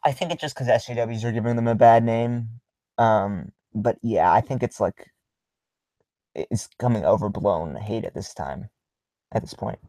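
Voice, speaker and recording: A young man hosting a casual livestream, reading viewer comments aloud in a halting way with many filler ums and small chuckles. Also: lowish voice, mellow, dry recording, low-quality recording.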